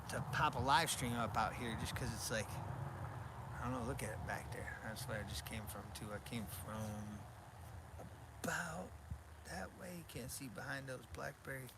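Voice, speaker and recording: On a noisy outdoor live stream from his rural land, a man who hosts a survival channel chats casually and rambles. Along the way he talks to his dog in a high baby voice.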